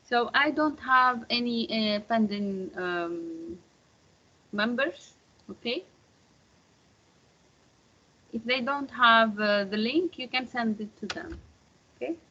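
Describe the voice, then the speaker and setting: A woman's voice: a little high, slow pace, bright, forceful tone. A woman teaching a marketing course over a video call. She explains patiently and keeps checking in with her students. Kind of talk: online lecture. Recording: muffled lo-fi call audio.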